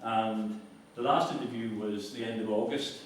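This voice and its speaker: A man's voice: fairly low pitch, steady tone, normal speed, a little hiss or hum. Brief: male speaker, anecdotal and wry, recorded from afar in a reverberant hall. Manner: conversational, storytelling, self-mocking. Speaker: guest speaker. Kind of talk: anecdotal public talk. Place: lecture hall. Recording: echoey hall from far off.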